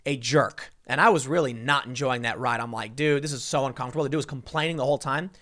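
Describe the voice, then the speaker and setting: A man delivers a casual commentary monologue in a slightly high voice. He talks emphatically, often restarting his sentences as he tells a story to the listener. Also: fairly bright tone. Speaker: political commentary host.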